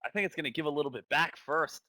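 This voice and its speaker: Bright-voiced casual stock trading commentator man. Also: on the high side, rapid-fire. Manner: casual, thinks aloud, repeats phrases. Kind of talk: live trading stream commentary.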